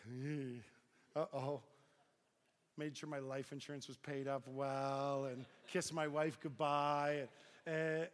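A man's voice: mid-range voice, in a large hall. A middle-aged man preaching to a crowd, telling a story with lots of voiced dialogue, as a pastor. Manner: animated storyteller acting out dialogue. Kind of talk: storytelling sermon.

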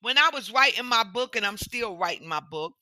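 Woman motivational coach, sassy and preachy, sharp bright tone, dry close mic. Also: mid-range voice, fairly quick, no room sound. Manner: sassy, animated, preachy with call-outs to the listener. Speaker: motivational coach and podcast host. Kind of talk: motivational podcast talk.

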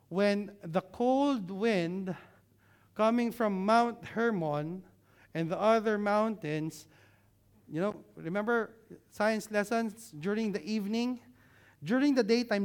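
A man preaching a sermon, engaging the listeners with many questions and growing more animated as he explains. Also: sits high, clear, resonant tone. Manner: grows louder and more animated when explaining.

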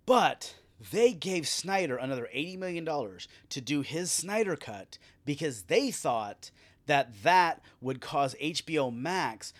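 A man hosting a solo podcast, ranting with sarcasm and a lot of swearing. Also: a little high. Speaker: podcast host.

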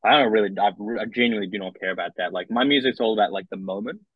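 A young Australian musician being interviewed, talking casually and hesitantly, with many restarts and fillers. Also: male voice, on the low side, rapid-fire, breathy edge, no room sound. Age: young adult. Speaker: musician guest. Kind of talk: casual chat. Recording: dull, lo-fi dry recording.

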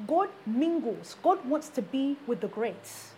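A woman with a high, bright-pitched voice delivers an emphatic sermon as a preacher. She hammers her points home by repeating rhetorical questions to the congregation. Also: sing-song, takes it slowly, slight background noise.

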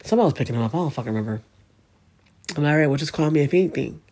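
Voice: medium pitch, lively intonation, rapid-fire, dark tone. A speaker telling a painful personal story in a casual, candid way, swearing often and speaking with emotion.

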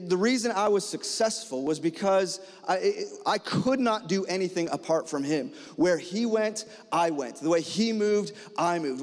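Man, pastor, sermon, high voice, long hall reverb, animated storytelling. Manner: animated storytelling, acts out dialogue, fillers.

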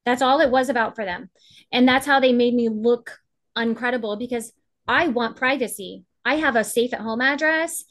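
A woman's voice: a little high, normal speed, a bit bright. A woman advocate speaking as a guest on a podcast, talking with passion and emphasis, often acting out what others said. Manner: impassioned, emphatic, acts out quotes. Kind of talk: podcast interview.

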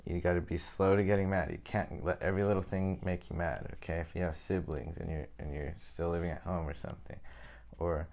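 A man's voice: low voice, fairly even intonation, fairly quick, creaky, a little mellow. A young man giving an informal, rambling Bible lesson, often checking in with "okay?". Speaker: Bible study teacher.

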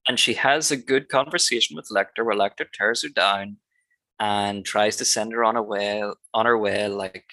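A man's voice: lowish voice, steady tone, normal speed, bright, forceful tone, no room sound, poor audio. A man co-hosting a podcast, talking through a film in a laid-back, analytical way and breaking into laughs now and then. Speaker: podcast co-host. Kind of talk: casual film-discussion chat.

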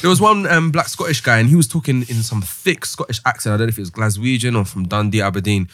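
A man's voice: medium pitch, quick pace, fairly bright tone, no echo, clean studio sound. A man, hosting a casual podcast discussion, thinking aloud with many ums and restarts. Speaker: podcast host.

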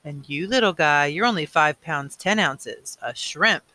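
Man reading a gentle baby-talking caretaker, slow and sing-song, storybook. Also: a little high, animated, full character voice. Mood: cooing. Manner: soft baby-talk, slow and cheerful. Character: gentle male nurturer, cooing at babies.

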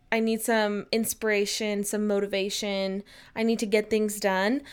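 Chatty upbeat young woman, smooth voice. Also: a little high. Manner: chatty and upbeat, with animated quotes. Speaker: vlogger. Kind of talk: casual storytelling to camera.

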